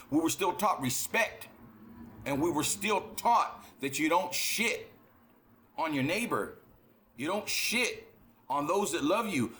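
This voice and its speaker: A man's voice: sits high, fairly bright tone. A man hosting a reaction channel, talking in a blunt, profane, emphatic way and often repeating words as he rants and tells a story. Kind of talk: casual reaction monologue.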